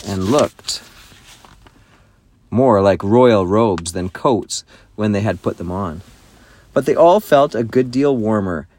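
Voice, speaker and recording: A man reading a children's novel aloud with expressive storytelling. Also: lowish voice, no room sound. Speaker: narrator. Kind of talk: audiobook narration.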